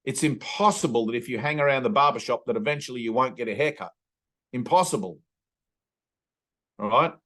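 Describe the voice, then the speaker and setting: An Australian man leading a spiritual satsang over a video call, talking earnestly and intimately and slowing right down to stress a point. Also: mid-range voice, sharp tone. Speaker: spiritual teacher. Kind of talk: satsang teaching talk.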